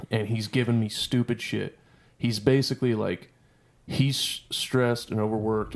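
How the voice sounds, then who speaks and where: A man's voice: on the low side, creaky. A man telling a heated army story on a podcast, swearing constantly and ranting. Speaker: podcast guest. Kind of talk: casual storytelling.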